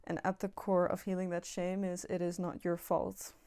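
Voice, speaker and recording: Young woman vlogging, mellow lowish voice, earnest and reassuring, swears a bit. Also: monotone, normal speed, clean tone. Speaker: self-improvement vlogger. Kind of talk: casual monologue to camera.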